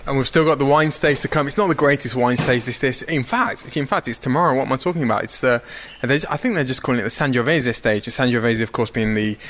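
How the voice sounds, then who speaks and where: A man's voice: medium pitch, fast, few pauses, a bit bright. Chatty guy hosting a podcast, teasing, faint hiss and clicks. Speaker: podcast host. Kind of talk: casual chat.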